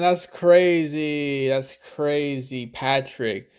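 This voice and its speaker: A man's voice: mid-range voice, normal speed. A man giving casual reaction commentary as a dating coach, rambling and swearing, acting out the lines he would use. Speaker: dating coach reviewing footage.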